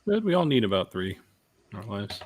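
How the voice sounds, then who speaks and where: A man's voice: on the low side, sing-song, fairly quick, slight background noise. A man co-hosting a casual sports podcast, talking in a hesitant way full of fillers. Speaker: podcast co-host.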